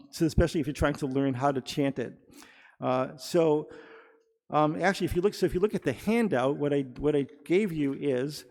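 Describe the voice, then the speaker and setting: A man giving a teaching sermon in a synagogue, explaining step by step and pausing often with fillers and restarts. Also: a little high, gravelly, darkish tone. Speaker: rabbi or cantor. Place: synagogue sanctuary. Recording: long hall reverb.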